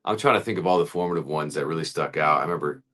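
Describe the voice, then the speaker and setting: A man guesting in an interview talks in a relaxed, thoughtful way and laughs easily. His voice sits very low. He speaks casually over a video call. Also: racing. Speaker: actor guest.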